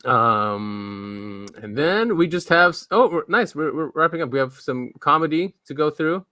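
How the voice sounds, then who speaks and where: A man's voice: fairly high pitch, lively intonation, measured pace, bright, forceful tone, no echo. A man co-hosting a podcast in casual, rambling chat, often laughing. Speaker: podcast co-host.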